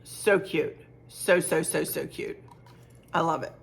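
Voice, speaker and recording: A woman's voice: low voice, slow, vocal fry. A middle-aged woman chatting casually to camera about a shopping haul, chatty and gushing, often repeating herself. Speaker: home decor vlogger.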